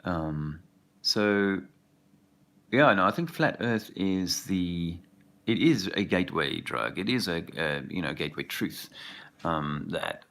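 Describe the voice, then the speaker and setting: A man's voice: sits low, animated, slow pace, fairly bright tone. A man talking in a rambling casual monologue as an activist video host, often losing his thread.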